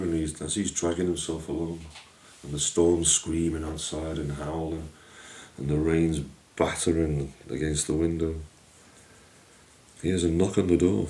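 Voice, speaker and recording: A man narrating a folk tale in a lively, homely way, his voice very deep and dark. He sounds a little distant from the mic, in a room with a clear echo. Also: measured pace, a little hiss or hum. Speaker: storyteller. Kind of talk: storytelling narration.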